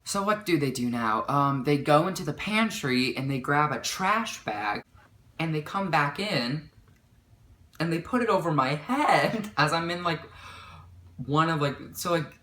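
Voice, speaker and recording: A woman's voice: sits low, animated, a little slow, a bit bright. A young woman vlogger telling a rambling storytime, with constant "like" fillers. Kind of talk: storytime vlog. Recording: echoey room.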